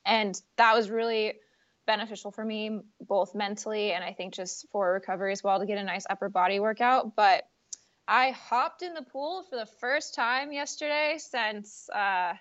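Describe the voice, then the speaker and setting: A woman's voice: medium pitch, moderate pace, a bit bright, highs cut off. A woman guest on a podcast, chatting casually and laughing often. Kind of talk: casual chat.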